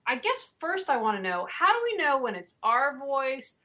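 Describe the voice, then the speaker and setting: A woman hosts an interview in a bright, slightly high voice. She asks thoughtful, probing questions and searches for her words as she talks. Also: big pitch swings, normal speed. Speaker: interviewer host.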